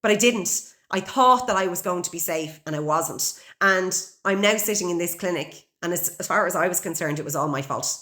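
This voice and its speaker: A woman's voice: on the low side, a little fast, hardly any pauses, bright, forceful tone. Blunt, swearing Irish woman in her forties. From Ireland. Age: 40s. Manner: blunt and heavily profane; raw and emotional. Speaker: podcast host. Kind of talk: candid personal storytelling.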